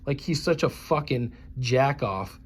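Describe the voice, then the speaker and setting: A man's voice: medium pitch, animated, measured pace, husky. A man in his forties from the United States, ranting in a profane, scornful and combative vlog monologue. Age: 40s. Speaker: YouTuber.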